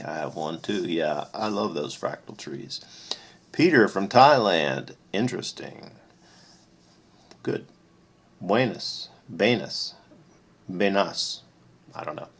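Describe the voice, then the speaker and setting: A man hosting his electronics channel, casually reading out visitor messages and reacting with amused, brief remarks in a husky voice. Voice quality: gravelly, husky low voice. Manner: relaxed, amused, reads names aloud and reacts briefly.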